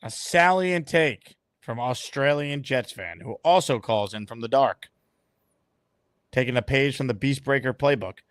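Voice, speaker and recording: A man's voice: medium pitch, unhurried, clean tone, no room sound, studio quality. A man hosting a sports call-in show, taking calls with upbeat, dryly joking patter. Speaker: host.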